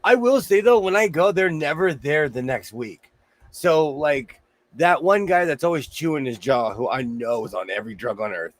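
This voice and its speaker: A man hosting a casual chat, telling stories loudly while his voice is going hoarse. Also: on the high side, normal speed, no echo. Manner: loud, animated storyteller. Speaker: host. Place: home sewing room.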